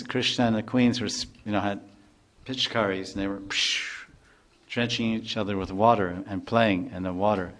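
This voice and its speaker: An older man, a spiritual teacher, giving a devotional lecture in a loose, conversational way with many asides and restarts. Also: on the low side.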